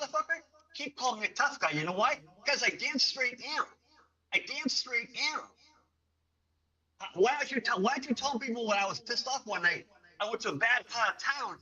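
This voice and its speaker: High, bright, furious middle-aged man. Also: highs cut off. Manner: angry, profane, confrontational. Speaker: livestreamer. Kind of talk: heated livestream rant.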